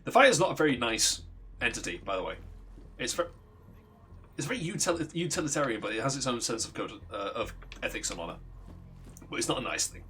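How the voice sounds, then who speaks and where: With a medium-pitched, sing-song voice that's bright and forceful, a young streamer talks a little fast but leaves long pauses, over a slight hiss or hum. He's casually telling a long backstory, rambling profanely and often cutting himself off to restart his sentences.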